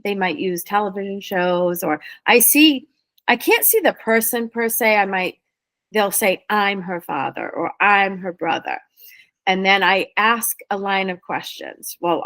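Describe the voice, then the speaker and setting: Fast-talking woman in a dry room. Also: mid-range voice, no room sound. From New England. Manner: lively, fast-flowing explanations. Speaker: spirit medium guest. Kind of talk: casual interview talk.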